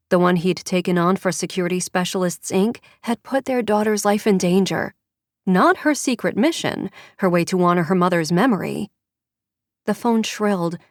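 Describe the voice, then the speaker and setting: A woman reads a suspense audiobook in a measured, even way. Her voice sits low, and the sound is dry and close with no room around it. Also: no echo. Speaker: audiobook narrator. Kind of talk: scripted narration.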